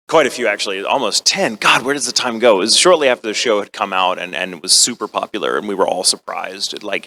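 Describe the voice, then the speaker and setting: A man's voice: deep voice, pushed and bright. A middle-aged American man, a voice actor, chatting with fans on a convention panel in a rambling, self-deprecating way, with playful quoted asides. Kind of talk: casual panel talk to fans.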